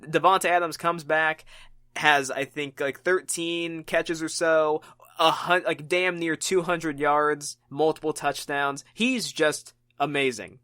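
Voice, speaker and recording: Man, football podcast host, solo commentary, opinionated, animated, restarts, high-ish voice, dry close sound. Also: slow pace, smooth, no echo.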